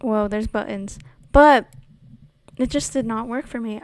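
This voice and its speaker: A woman's voice: a little high, a little slow, slight background noise. Giggly woman chatting with viewers. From United States. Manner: giggly, chatty, reads chat questions aloud. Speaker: streamer answering chat. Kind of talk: casual chat. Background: quiet background game music.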